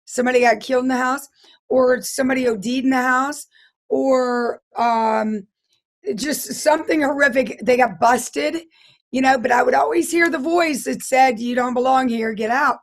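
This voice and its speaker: A hoarse middle-aged woman, a guest telling her life story in an interview in an earnest, halting way with frequent restarts. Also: high-pitched. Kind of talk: personal testimony interview.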